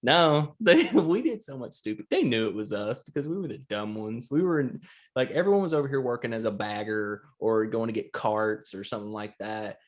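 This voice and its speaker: A man co-hosting a podcast. He talks in a loose, rambling way, stacks up stories and laughs as he tells them. His voice sits at an everyday middle pitch. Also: animated, fairly quick. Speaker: podcast co-host. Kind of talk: casual chat.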